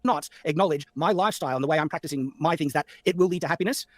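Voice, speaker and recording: A man talks very fast in a debate, tripping over his words and filling pauses with "uh". His voice sits a little high and sounds dry and close. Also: no echo. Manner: rapid, with stumbles and fillers. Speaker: guest debater. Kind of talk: debate argument.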